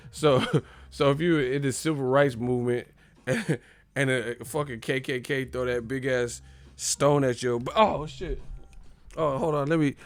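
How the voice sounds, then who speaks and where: A man's voice: mid-range voice, dry recording. A man hosting a casual live stream, ranting in a joking, profane, mocking way.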